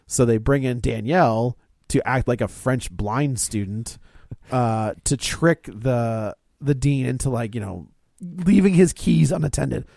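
A man's voice: mid-range voice, a little mellow, no echo. Rambling man recapping a movie, dry close mic. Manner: rambling, halting restarts, laughing asides. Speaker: podcast co-host. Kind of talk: casual movie recap chat.

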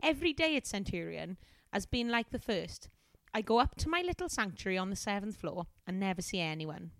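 A woman's voice: medium pitch, sing-song, brisk, fairly bright tone, dry recording. A woman voicing a chatty young female office temp in a put-on Welsh accent, confiding and talkative.

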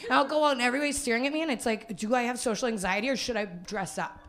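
A young woman from Winnipeg, Canada, races through a live stand-up set on a small theater stage in a voice on the high side. Hungover, she rambles, pokes fun at herself and laughs as she goes.

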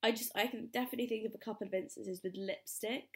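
Young woman, gravelly voice, mid pitch, animated, exclamatory, casual podcast co-host. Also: fast. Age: young adult. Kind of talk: casual chat.

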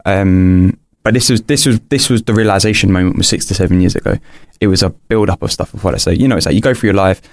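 A man's voice: deep voice, fast talker, no echo. A young man, a podcast guest, candidly telling a personal story in an earnest, rambling way, full of restarts and fillers.

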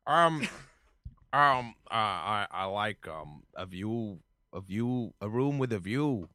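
A man's voice: lowish voice, expressive, pushed and bright, no echo, clean studio sound, voice pushed down, heavily acted. A man doing a fumbling, pompous politician. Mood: rambling. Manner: halting, searching, slow.

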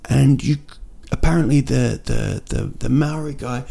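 Kiwi-male comic host, mellow gravelly voice, loose rambling delivery full of restarts. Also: medium pitch, unhurried. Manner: rambling and jokey, with many restarts and fillers. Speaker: podcast host and comedian. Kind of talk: casual comic monologue. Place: indoors at night in a city.

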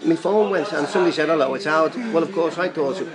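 A man's voice: on the high side, quick pace, rough recording. An older man telling a long, chatty, rambling story as a guest on a talk show. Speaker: guest fan. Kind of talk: casual storytelling.

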